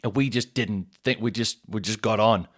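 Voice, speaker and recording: A man's voice: on the low side, moderate pace. Rambling sweary man. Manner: sweary, rambling, animated retelling with shouted put-on quotes. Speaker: podcast host. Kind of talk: casual comedic storytelling.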